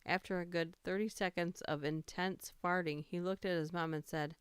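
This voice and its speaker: A woman's voice: on the low side, steady tone, normal speed, clean tone, no room sound. A woman hosting a casual livestream, reading funny stories aloud, laughing and greeting her chat.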